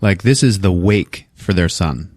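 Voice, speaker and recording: A man hosting a podcast, recapping a movie in casual, profane, animated storytelling. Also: low voice, a little slow, no room sound, clean studio sound. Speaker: podcast host.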